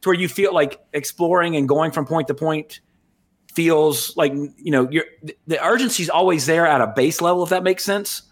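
A man's voice: fairly high pitch, normal speed. A man co-hosting a podcast in casual chat, rambling with fillers and restarts. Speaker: podcast co-host.

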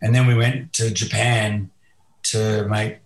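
A man's voice: fairly low pitch, level tone, slow. A man talking casually as a guest musician, rambling and hesitant with many fillers. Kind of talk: casual interview chat. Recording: roomy echo.

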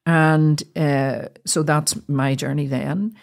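A middle-aged Irish woman from Ireland, a guest telling a personal story in an interview, halting with many fillers and restarts. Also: sits low, steady tone, vocal fry.

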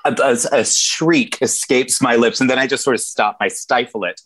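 A man narrating his own character in a tabletop game, with slow, halting, in-character narration. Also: medium pitch, steady tone, a bit bright. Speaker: player.

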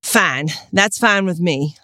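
A woman improvising a nervous, flirty new fast-food employee over a video call. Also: on the low side, sharp tone, dry recording, clean studio sound. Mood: flustered. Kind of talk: improvised comedy scene.

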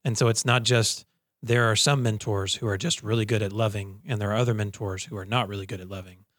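A man's voice: on the low side, fairly even intonation, a bit bright, no echo, studio quality. Reflective man on a podcast. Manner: reflective, measured, tells personal anecdotes. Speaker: podcast co-host. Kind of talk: casual podcast conversation.

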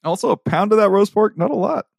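Casting note: a laid-back male co-host with a gravelly, creaky voice and dry asides. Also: sits high, lively intonation, quick pace, a little mellow. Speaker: podcast co-host. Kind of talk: casual chat.

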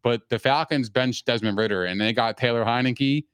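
A man's voice: mid-range voice, moderate pace, a bit bright, smooth, no echo. A man co-hosting a casual sports podcast, blunt and profane, ranting with swagger about football picks. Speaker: podcast co-host.

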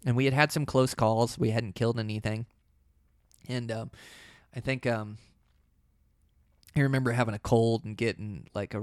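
A man telling a hunting story in a casual, rambling way, often saying "you know" and "like", and getting animated when the action picks up. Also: mid-range voice, gravelly, no room sound, clean studio sound.

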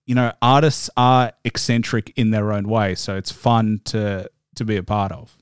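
A man's voice: fairly low pitch, steady tone, normal speed, smooth, no room sound, studio quality. A man hosting a podcast interview, asking rambling questions and correcting himself as he goes. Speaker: podcast host. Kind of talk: casual interview chat.

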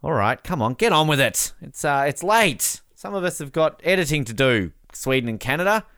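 A man co-hosting a podcast, chatting casually over a live match and breaking into excited shouts at big moments. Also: fairly high pitch, normal speed, clean tone, no echo, studio quality. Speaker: podcast co-host. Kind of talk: casual live-watch commentary.

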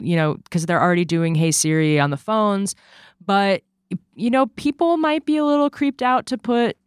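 A chatty tech podcast co-host with a smooth, clear voice at an average pitch. Talks in an easy back-and-forth and often drops in "like". The recording is dry and close-miked. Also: no room sound. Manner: lively and chatty, peppered with "like". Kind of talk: casual tech chat.

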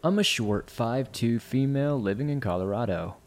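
A man reading listener-submitted horror stories aloud in a measured, somber narration. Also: mid-range voice, lively intonation, darkish tone.

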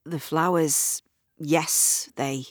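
A woman voicing a gentle, apologetic young man who murmurs softly and hesitates in a storybook reading. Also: low voice, steady tone, very slow, no room sound, clean studio sound, exaggerated voice. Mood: hesitant.

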